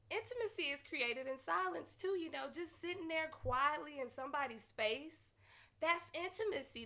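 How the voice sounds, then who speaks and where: A woman with a high, bright voice. She hosts a podcast and tells a story in casual chat. She is blunt, profane and animated. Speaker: podcast host.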